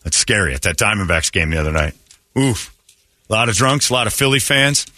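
A man hosting a morning rock radio show, telling stories in a blunt, animated way. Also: lowish voice, fairly quick. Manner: blunt, storytelling, animated retelling. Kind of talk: casual talk radio banter. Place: radio studio. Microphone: studio mic. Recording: dry close studio sound.

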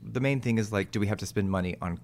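A fairly low-voiced man from Texas talks through a relaxed interview. He rambles cheerfully, mocks himself and slips into quoted voices of people he has met. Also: fast talker, a little hiss or hum. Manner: chatty, self-mocking, full of asides and quoted voices. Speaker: actor and TV host, interview guest. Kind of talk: casual chat.

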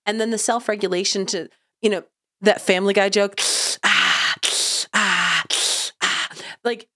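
A woman's voice: medium pitch, steady tone. Wry woman in her late thirties. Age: late 30s. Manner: wry, explanatory, quick jokes. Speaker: podcast co-host. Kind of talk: casual parenting chat.

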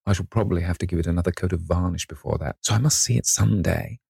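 A man's voice: low voice, quick pace, gravelly, slightly rough, no room sound, clean studio sound, heavily acted. A man reading the lines of an earnest, fond older painter in an audiobook, coaxing and insistent. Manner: warm-hearted, coaxing, pleading.

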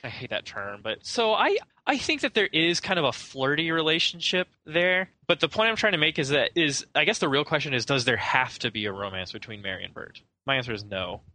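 A man's voice: fairly high pitch, lively intonation, brisk, hardly any pauses, bright, forceful tone, no room sound, poor audio. A young man co-hosting a casual film podcast, talking in a rambling, hesitant way with many fillers and restarts. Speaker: podcast co-host.

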